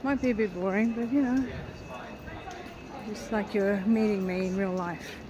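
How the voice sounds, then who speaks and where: A woman's voice: mid-range voice, moderate pace, a crowd in the background, low-quality recording. A woman vlogging a casual walking tour outdoors, chatting in rambling asides while filming on a handheld camera. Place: outdoors on busy town streets. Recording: loud street and traffic noise. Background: traffic and town bustle.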